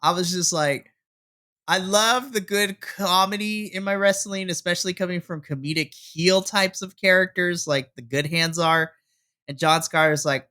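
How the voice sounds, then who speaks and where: A podcast co-host giving a casual, animated recap of a wrestling episode and laughing often. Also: medium pitch, normal speed. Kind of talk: casual wrestling review chat.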